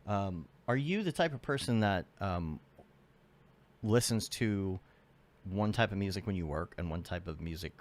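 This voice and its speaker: A man's voice: deep voice, expressive, moderate pace. A man hosting a podcast in casual interview chat, rambling and trailing off as he searches for his thoughts. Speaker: podcast host.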